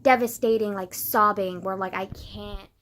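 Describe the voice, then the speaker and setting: A grieving woman in a casual confessional vlog, rambling with many filler words and swinging from quiet, subdued talk to loud emotional bursts. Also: medium pitch, steady tone, measured pace. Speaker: vlogger.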